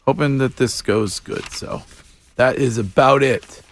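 A man's voice: medium pitch, vocal fry. A man hosting a morning radio show, chatting casually and laughing often with his co-hosts in a radio studio. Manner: laughs often, quick lively back-and-forth.

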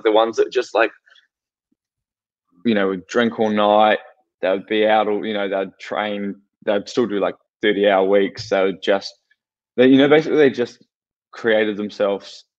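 A man with a low voice thinks aloud on a casual podcast, loose and full of fillers. The sound is a little dull and muffled. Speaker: podcast co-host. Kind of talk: casual chat.

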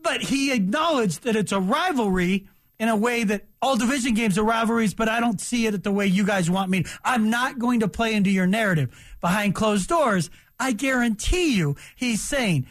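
A man's voice: sits high, expressive, moderate pace, a bit bright. A man in his fifties hosting sports talk radio, emphatic and opinionated, speaking animatedly into a studio mic.

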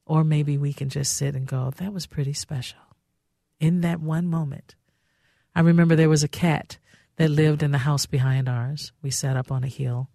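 A woman's voice: deep voice, steady tone, moderate pace, creaky, mellow, dry recording, studio quality. A woman hosting a radio talk show, chatty and effusive, often laughing. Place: radio studio.

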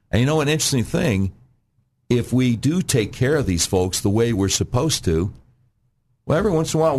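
Emphatic low-voiced man making his pitch. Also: a little mellow. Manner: clears throat often. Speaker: gubernatorial candidate guest. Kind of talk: radio talk show interview.

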